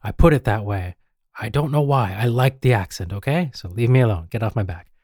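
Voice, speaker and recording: A man's voice: fairly low pitch, fairly quick, a little mellow, no echo, studio quality. A man with an Australian accent hosting a radio show, rambling, mocking himself and stumbling over names. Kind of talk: casual radio banter.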